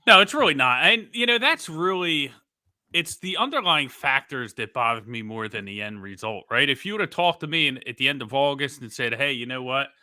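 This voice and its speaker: A man co-hosting a casual sports podcast, talking in an animated way and mocking the coach he quotes. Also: medium pitch, brisk, no room sound. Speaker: podcast co-host.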